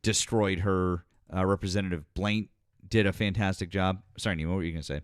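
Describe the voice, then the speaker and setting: A man's voice: low voice, steady tone, brisk, dry recording, studio quality. A man hosting a casual politics livestream, rambling, swearing now and then, and thanking viewers from the chat. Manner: rambling, swears, many fillers, reads chat aloud.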